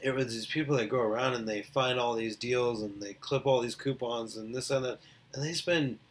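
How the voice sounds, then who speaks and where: A man's voice: mid-range voice, moderate pace. A middle-aged man, chatting casually on his own and telling a story, rambling with many fillers and restarts. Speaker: vlogger. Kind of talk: casual solo chat.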